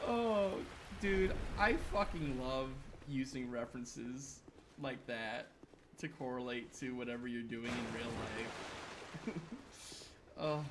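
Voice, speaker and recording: Young male streamer, excitable and profane, rambling play-by-play chatter at mid pitch. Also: slow pace, background noise. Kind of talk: live gaming stream chat.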